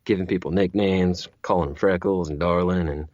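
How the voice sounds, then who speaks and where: A man's voice: low-pitched, steady tone, normal speed, darkish tone, dry recording, muffled recording. A man who narrates audiobooks, chatting as an interview guest, rambling with many restarts and repeated words. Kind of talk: casual interview chat.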